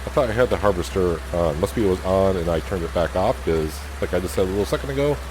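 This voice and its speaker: A man hosting a casual let's-play, talking through his farm chores in an easygoing, self-deprecating way and thinking out loud. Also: deep voice, expressive, fast, noisy background. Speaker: gaming channel host.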